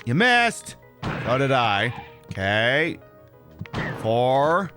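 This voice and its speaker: Jersey-accent dude streaming a game, cussing and joking, lively voice, bit of music under it. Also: male voice, medium pitch, extremely slow. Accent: North Jersey. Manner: profane, joking, talks to chat. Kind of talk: casual gameplay commentary.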